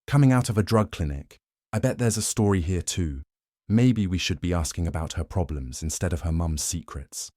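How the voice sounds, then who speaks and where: A man's voice: low-pitched, moderate pace, dark tone, dry recording, clean studio sound. A man voicing a sneering, pushy male photographer in his forties. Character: sneering middle-aged male paparazzo leader.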